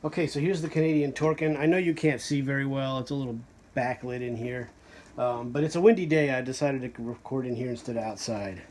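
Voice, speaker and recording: A man's voice: medium pitch, a little fast, a little mellow, low-quality recording. A man casually describing a vintage fan he collected, talking in a rambling, hesitant way with frequent fillers. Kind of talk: casual show-and-tell narration. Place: porch at home.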